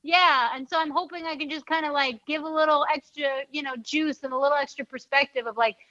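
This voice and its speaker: Her voice sits high with a steady, sharp tone and moves a little fast: she's a young NFL team reporter and podcaster from the Bronx, New York. In a casual interview she fills her talk with "like" and "you know." There's no room sound, and the audio is dull, dry and slightly lo-fi.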